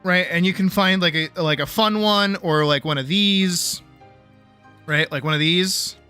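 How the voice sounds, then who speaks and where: Bright, high-voiced streamer lecturing bluntly. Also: male voice, unhurried, clean tone, soft background music. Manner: blunt, teasing, profane, lecturing with playful bravado. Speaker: art streamer teaching viewers. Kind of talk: casual live-stream art lesson.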